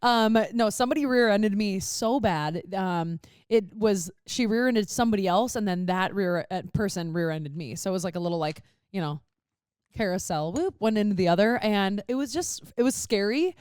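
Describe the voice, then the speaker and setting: A young woman co-hosting a casual podcast, her voice mid-pitched and lively. She tells a story with swearing and plays out her own reactions. The sound is dry and close to the mic. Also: normal speed, smooth, no echo. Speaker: podcast co-host.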